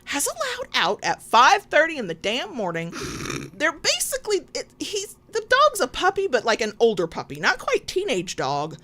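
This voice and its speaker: Animated, high-voiced woman chatting. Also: moderate pace. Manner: animated, swearing storyteller with frequent laughs. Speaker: podcast co-host. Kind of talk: casual chat.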